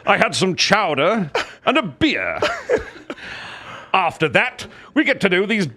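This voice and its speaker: A man putting on an impression of a boisterous, booming British actor while reading a short text and laughing through it. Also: big pitch swings, a little slow, pushed and bright, heavily acted. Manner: bellowing, hammy, laughing through lines.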